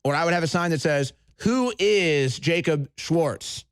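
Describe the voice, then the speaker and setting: A man hosting a talk show, ranting angrily, shouting at times and mocking his opponents. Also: a little high, unhurried, clear, resonant tone, dry recording, studio quality. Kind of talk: heated political talk radio rant.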